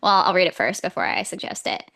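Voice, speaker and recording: A woman's voice: fairly low pitch, sing-song, fast, creaky, fairly bright tone. A young woman co-hosting a casual book podcast, gushing and laughing often as she chats. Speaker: podcast co-host.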